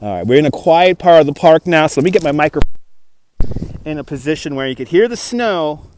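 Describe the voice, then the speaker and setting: A man's voice: fairly high pitch, lively intonation, brisk, darkish tone, slight background noise. A man with a New York accent hosting a casual livestream while walking through a snowy park, chatting, laughing often and reading comments aloud. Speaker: livestream host. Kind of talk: casual livestream walk-and-talk. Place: snowy city park, outdoors. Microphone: phone camera on a gimbal.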